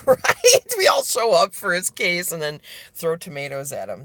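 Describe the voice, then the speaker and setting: Blunt, animated woman on a livestream. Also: on the low side, a little slow, no echo. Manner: blunt and profane; talks straight to viewers by name. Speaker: vlogger. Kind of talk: livestream chat, answering viewer comments. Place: at her workplace.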